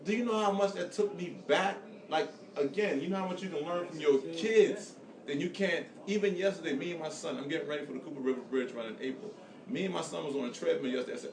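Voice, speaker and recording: Fast-talking animated man in echoey room. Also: on the high side, recorded from a distance, a crowd in the background. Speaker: podcast host. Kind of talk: casual chat.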